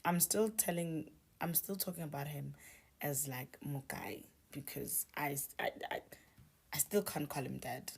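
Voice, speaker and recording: A woman telling a confessional story in a hushed, often near-whispered voice, hesitant and full of restarts. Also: sits low, unhurried, gravelly, husky.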